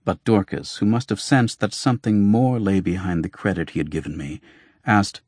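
A man narrates an audiobook in a measured, formal way. His voice is deep and husky. The recording is dry and close. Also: steady tone, darkish tone, dry recording. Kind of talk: scripted narration.

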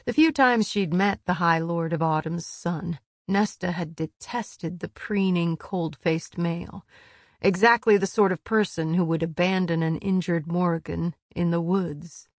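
A woman narrating an audiobook in a calm, measured reading. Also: lowish voice, no room sound. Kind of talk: scripted narration.

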